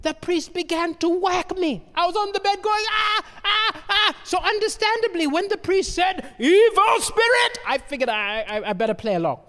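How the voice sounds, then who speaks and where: A man's voice: extremely high pitch, brisk, hardly any pauses. A man doing a stand-up comedy set, telling stories and checking in with the crowd. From Malawi. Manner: animated storytelling, asks the crowd "right?". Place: comedy venue stage. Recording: long reverb of a hall.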